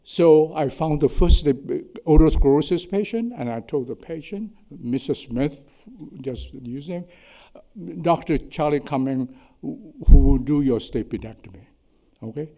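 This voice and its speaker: A man's voice: fairly high pitch, a little slow, dark tone. A man in his eighties with a Chinese accent, telling humorous anecdotes at a symposium, chatty and self-deprecating, often tagging "okay?". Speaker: surgeon giving a symposium talk. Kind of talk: anecdotal lecture. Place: lecture hall.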